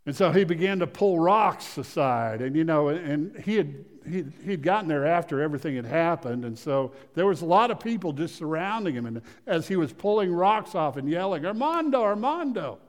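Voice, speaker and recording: A man preaching a sermon, swinging from loud emphasis to hushed storytelling, often repeating phrases and restarting sentences. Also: on the high side, expressive, moderate pace, hardly any pauses. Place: church sanctuary. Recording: long reverb of a church hall.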